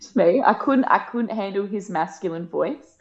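A woman, telling a personal story in a casual chat, emotional and laughing often, acting out quoted lines in a higher voice. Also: lively intonation, moderate pace. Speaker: guest. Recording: dull lo-fi podcast sound.

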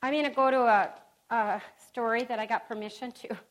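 A middle-aged woman giving an earnest sermon to a women's gathering, reading scripture aloud with pauses and restarts. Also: a little high, steady tone, low-quality recording.

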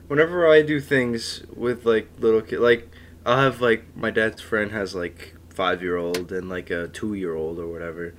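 A man's voice: fairly low pitch, steady tone, measured pace, a little hiss or hum. A teenage boy co-hosting a podcast, joking and teasing his friends in casual chat. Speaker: podcast co-host.

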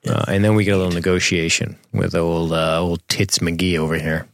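This podcast co-host laughs often as he swears his way through casual commentary on a movie he's watching at his home streaming setup. His low voice has a level tone, some vocal fry and a fairly quick pace, captured cleanly with no echo.

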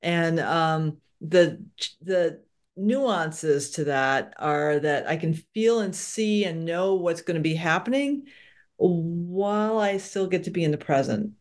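A woman hosting a spiritual podcast, talking in a reflective, animated way about her own experiences. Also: lowish voice, slow pace. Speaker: podcast host. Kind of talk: spiritual interview talk.

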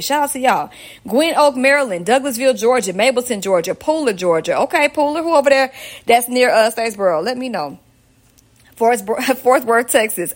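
A chatty woman podcast host with a lilt, rattling off place names and tossing in friendly asides. Her pitch sits in a middle range for a woman. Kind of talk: casual solo podcast shoutouts.

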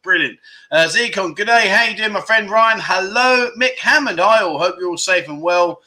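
A man's voice: high voice, moderate pace, sharp tone. A middle-aged man hosting a casual livestream, reading out viewer comments in a chatty, self-mocking, exclamatory way. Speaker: livestream host.

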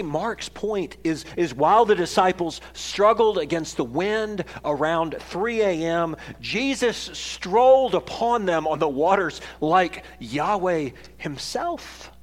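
A man preaching a sermon as pastor, swinging from loud, emphatic passages to quiet ones and raising his voice for scripture readings. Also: high voice, animated, slow pace, hardly any pauses. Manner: reads scripture aloud in a raised voice.

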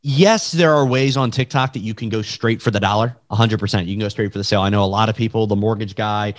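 An energetic man talks as a podcast guest over a video call. He speaks emphatically and acts out examples with his own voice. The sound is dry and close, with no room echo. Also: on the low side, fast. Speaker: realtor and guest. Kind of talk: casual podcast interview.

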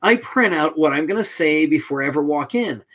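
Speaking fairly quickly, a middle-aged man appearing on a podcast relates a story in a somewhat high male voice. He animatedly plays out the quoted dialogue, giving every speaker a different voice.

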